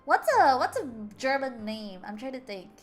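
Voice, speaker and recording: A young woman with a high voice streams a game, reading its dialogue aloud and breaking into chatty, animated stories. She trips over words and laughs often. Faint game music plays softly behind her. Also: moderate pace. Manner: animated storytelling.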